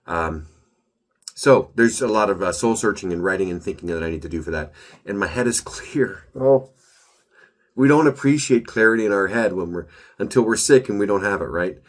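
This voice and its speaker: A man with a very low, deep voice gives a casual solo update, chatty and upbeat and prone to restarting sentences. A slight nasal stuffiness hangs on his speech from a recent cold and pollen allergies. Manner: rambling, upbeat, self-correcting. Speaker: author giving a weekly update.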